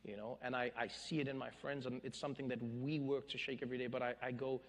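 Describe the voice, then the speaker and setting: A man in his thirties, an interview guest telling stories on stage, animated and laughing as he acts out quotes. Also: medium pitch, quick pace, big-room sound. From South Africa. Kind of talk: storytelling in a public interview. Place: stage in an event hall.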